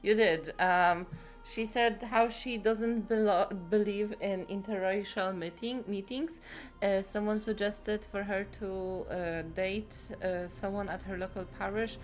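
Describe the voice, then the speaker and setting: A woman's voice: mid-range voice, fairly even intonation, unhurried, soft background music. A woman game streamer chatting casually, rambling and swearing freely. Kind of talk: casual chat.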